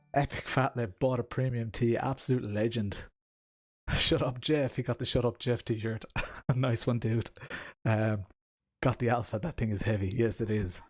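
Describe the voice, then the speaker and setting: A man's voice: medium pitch, a little mellow. A young man giving live, rambling commentary while racing in a sim game, laughing often and chatting to his viewers.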